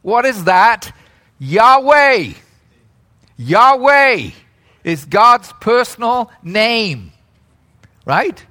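A man preaching a sermon, high-pitched and bright in tone. He talks slowly and deliberately, then breaks into loud, animated calls on key words with a joking warmth.

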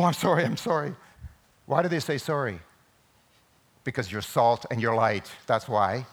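A man preaching a Sunday sermon in a church, emphatic, with sudden loud peaks. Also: medium pitch. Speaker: pastor.

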